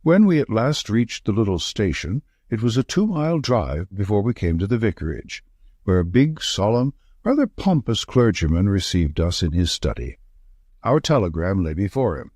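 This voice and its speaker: Low-voiced man reading an audiobook. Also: sing-song, a little mellow, breathy edge, no room sound, studio quality. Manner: measured, storytelling. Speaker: audiobook narrator. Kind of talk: scripted narration.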